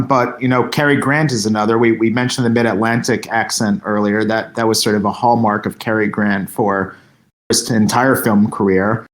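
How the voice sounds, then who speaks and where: A man co-hosting a casual film-discussion podcast, talking in a thoughtful, measured way as he weighs his points. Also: mid-range voice. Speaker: podcast co-host. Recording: roomy echo.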